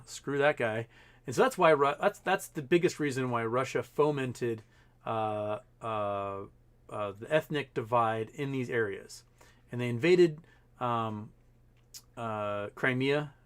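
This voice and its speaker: A man's voice: medium pitch, a little slow. Rambling man hosting a livestream. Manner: rambling, filler-heavy, profane asides. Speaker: livestream host. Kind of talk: casual livestream commentary.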